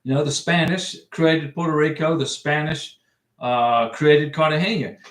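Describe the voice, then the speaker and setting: A man's voice: a little high, fairly even intonation, unhurried, a bit bright. Chatty middle-aged man, echoey room. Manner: chatty, rambling, frequent restarts. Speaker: livestream host giving visa advice. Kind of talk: casual livestream chat reading viewer comments. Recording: echoey room, distant mic.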